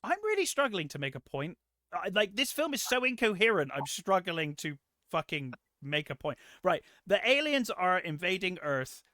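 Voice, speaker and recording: A man's voice: high-pitched, very animated, moderate pace, sharp tone, no echo, clean studio sound. A man co-hosting a film review podcast, rambling and sarcastic, swearing freely in casual chat. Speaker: podcast co-host.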